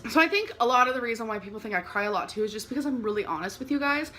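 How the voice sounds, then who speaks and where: A woman's voice: a little high, lively intonation, racing, pushed and bright, a little hiss or hum. A woman in a casual vlog, talking in a chatty, candid way.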